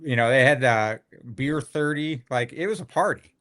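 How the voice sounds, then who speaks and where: A man's voice: mid-range voice, moderate pace, fairly bright tone. A man who founded a company, a guest on a podcast, talking enthusiastically and laughing often. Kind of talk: casual interview chat.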